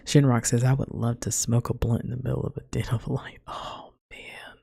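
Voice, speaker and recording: Gravelly-voiced woman hosting a casual podcast. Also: extremely low pitch, little pitch movement, fast, mellow, no room sound, studio quality. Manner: rambling, chatty, peppered with "like" and "man". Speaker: podcast host. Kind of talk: casual solo podcast chat.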